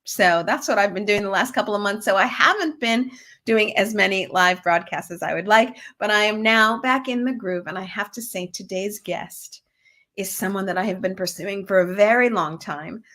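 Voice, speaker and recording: Woman host, chatty and upbeat, interview podcast, mid pitch. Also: normal speed, a bit bright.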